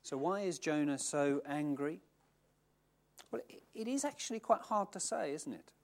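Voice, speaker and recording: A middle-aged man preaching a sermon in a conversational, self-mocking, animated way. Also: fairly high pitch, moderate pace. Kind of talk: sermon with Bible reading.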